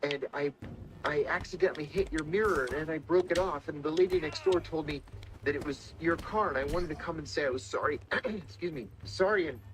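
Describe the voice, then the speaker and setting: A middle-aged man, a former intelligence officer, telling stories in a measured, dramatic way and acting out the quotes. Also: on the high side, music in the background. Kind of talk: storytelling interview talk.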